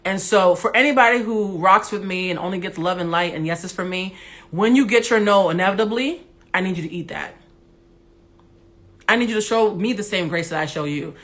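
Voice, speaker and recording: A woman with a big, loud voice hosts a candid monologue into her phone. She is blunt and animated and swears freely, with a mid-range voice that stays full and forceful. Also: medium pitch, fairly quick. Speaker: Instagram Live host.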